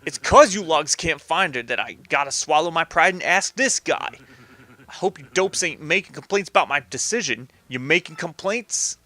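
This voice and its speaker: A man voicing a gruff, bossy male mob boss from a video game in a put-on New York Italian accent, with tough, blunt threats. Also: fairly high pitch, expressive, normal speed, sharp tone. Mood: commanding. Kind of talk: reading game dialogue aloud in voices.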